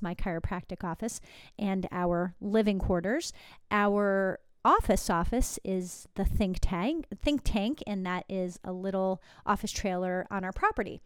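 A middle-aged woman from Southern California hosts her own podcast and tells a story in a chatty, animated way. Her voice is smooth and clear. The recording is close and dry on a desktop microphone. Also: mid-range voice, no room sound. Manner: chatty, animated, with asides and laughs. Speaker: podcast host. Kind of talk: casual storytelling monologue.

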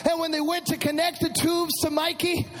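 A man preaching a sermon testimony, swinging from hushed prayer to loud, impassioned shouting. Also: very high voice, unhurried, big-room sound, soft background music, low-quality recording. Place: church.

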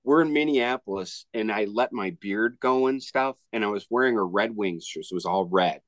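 A man co-hosting a podcast, telling a relaxed story in casual chat. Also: lowish voice, normal speed, no echo.

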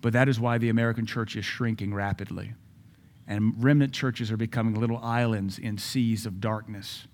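A man's voice: on the low side, steady tone, moderate pace, darkish tone. A man preaching a sermon as pastor at a church service, emphatic and repeating key phrases.

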